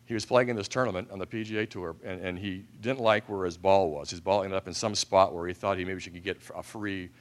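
A man's voice: deep voice, fairly even intonation, brisk, few pauses. A man giving a speech to an audience, telling self-deprecating humorous anecdotes and acting out the voices in them. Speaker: speaker at an event.

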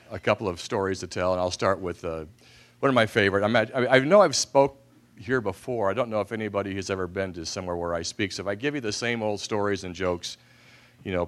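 A man's voice: low voice, a bit bright. A man giving a speech to an audience, telling self-deprecating humorous anecdotes and acting out the voices in them. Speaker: speaker at an event.

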